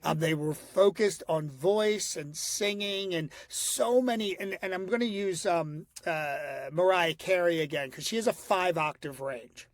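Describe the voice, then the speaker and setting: A middle-aged man, a voice coach, chatting animatedly on a podcast and slipping into quick impressions. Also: high voice, dry recording, clean studio sound. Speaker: guest voice coach. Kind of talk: podcast conversation.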